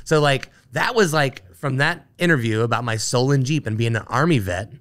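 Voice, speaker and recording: A man's voice: mid-range voice, normal speed. Chatty man telling a story. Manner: animated, full of fillers like "like" and "you know". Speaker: podcast guest, Army veteran. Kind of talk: casual storytelling interview.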